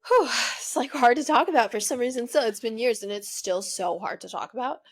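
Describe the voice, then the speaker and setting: A young American woman hosts her own podcast, her fairly high voice expressive and a little fast. She rambles through an emotional, confessional story about her breakup, saying "like" and "you know" constantly.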